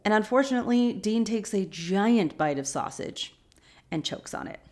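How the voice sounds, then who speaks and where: Chatty female podcast host, mid-pitched, casual and opinionated while recapping an episode. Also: expressive, normal speed, a little mellow, faint music behind. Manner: chatty and opinionated, retelling scenes.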